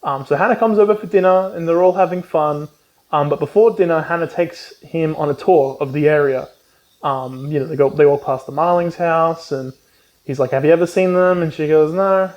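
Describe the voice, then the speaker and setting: A man's voice: a little high, moderate pace, highs cut off. A man recapping a book casually, rambling with lots of ums and swearing, and acting out the characters' lines. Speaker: book reviewer.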